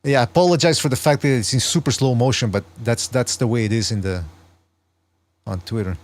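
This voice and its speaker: A man with a mid-pitched voice hosts a casual podcast. He talks at length with wry, rambling asides, walking through a video clip as he goes. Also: brisk. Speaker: podcast host.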